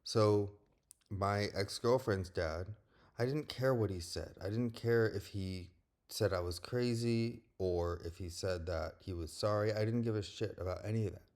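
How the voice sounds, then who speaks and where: A young man with a deep, low-pitched voice talks straight to the camera in a personal vlog. He is blunt and candid, and he swears freely. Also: measured pace, darkish tone. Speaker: vlogger. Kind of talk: personal monologue.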